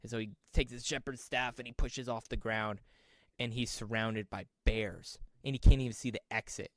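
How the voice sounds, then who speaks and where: A man co-hosting a podcast who rambles excitedly and uses lots of filler words while improvising a story. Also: mid-range voice, moderate pace, no room sound. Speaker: podcast co-host.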